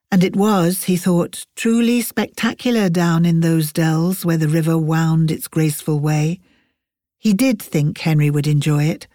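A woman narrating an audiobook in a measured, wry storytelling manner. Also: sits low, warm tone, no echo, clean studio sound.

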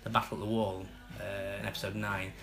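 A man with a Stockport accent, an actor chatting as an interview guest, self-mocking and quick to laugh. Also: on the low side, flat delivery, vocal fry. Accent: Stockport, northern English. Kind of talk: casual interview chat.

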